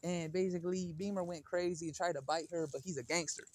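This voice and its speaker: A man's voice: sits high, steady tone, fast, darkish tone, no room sound. A man talking casually in a vlog, slangy and chatty, calling out to a cat in a backyard. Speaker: vlogger. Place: outdoors in a backyard.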